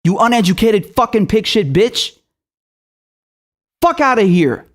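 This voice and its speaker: A man's voice: high-pitched, animated, a little slow. A young man hosting his own political commentary show, delivering a furious, profane and accusatory rant.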